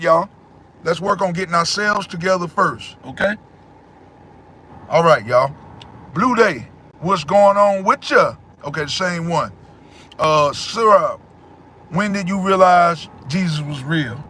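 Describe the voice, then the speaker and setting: A man hosting a casual livestream, answering his chat in a loud, preachy way and repeating phrases. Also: sits high, moderate pace, slight background noise.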